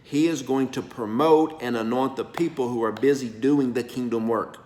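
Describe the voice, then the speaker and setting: A man preaching an informal prophetic message, folksy and emphatic, his voice going from soft to loud. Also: medium pitch, normal speed. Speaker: pastor. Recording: roomy echo, faint background noise.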